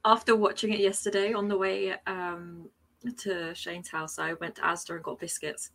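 A woman's voice: fairly low pitch, little pitch movement, moderate pace, fairly bright tone. A woman from England on a podcast, chatting loosely and using "like" often. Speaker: podcast co-host. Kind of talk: casual chat.

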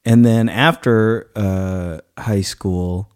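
A man in his thirties telling a story in casual chat as a podcast co-host, acting out the people he quotes. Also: extremely slow. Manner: animated storytelling, acts out quoted people with rising pitch.

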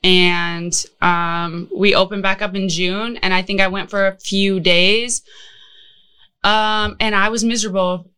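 A woman with a bright, crisp, smooth voice chats loosely on a podcast. She tells crude, joking stories in a casual, unguarded way. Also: mid-range voice, steady tone, unhurried. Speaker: podcast co-host, dancer.

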